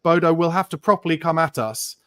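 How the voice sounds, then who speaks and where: A male podcast host in casual football chat who breaks the match down in long, analytical stretches and drops the odd swear word. His voice sits a touch high and sounds dry and close to the mic. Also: brisk, fairly bright tone, smooth, dry recording.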